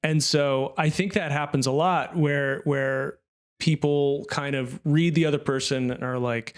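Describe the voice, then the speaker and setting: Podcast host, adult man, slightly high voice, easygoing and encouraging. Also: steady tone, unhurried, clear, resonant tone. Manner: easygoing and encouraging, frequent fillers. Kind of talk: casual podcast chat.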